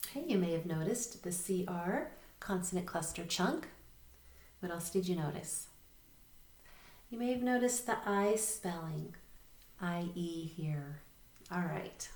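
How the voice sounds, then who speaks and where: A woman teacher giving a recorded reading lesson, patient and clear, spelling words slowly letter by letter. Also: on the low side, darkish tone. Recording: roomy echo.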